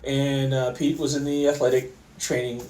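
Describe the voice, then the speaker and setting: A middle-aged man, an orthopaedic surgeon, tells stories in a relaxed way, with many fillers and restarts. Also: medium pitch, moderate pace, roomy sound, far from the mic, poor audio. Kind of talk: conversational storytelling interview.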